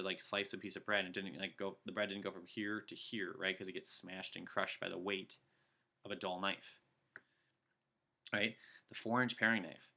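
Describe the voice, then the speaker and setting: A man giving an energetic sales training talk, coaching his listeners and acting out customer pitches. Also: vocal fry. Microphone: video call.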